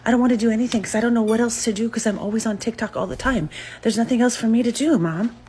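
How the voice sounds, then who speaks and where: A high-strung teenage girl whines and pleads in a comedy skit, as a woman puts her on. Her voice climbs high and stays needy and dramatic. A faint hum of background noise sits under her. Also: quick pace, warm tone, natural voice. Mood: pleading. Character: whiny teenage daughter, phone-obsessed, dramatic.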